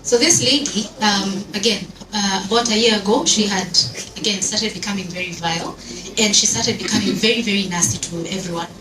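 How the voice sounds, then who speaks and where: A woman telling stories on an event panel in a lively, animated way, mixing English with Swahili phrases and drawing the audience in. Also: medium pitch, brisk. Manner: animated, storytelling, code-switches into Swahili. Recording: echoey room from far off, noisy.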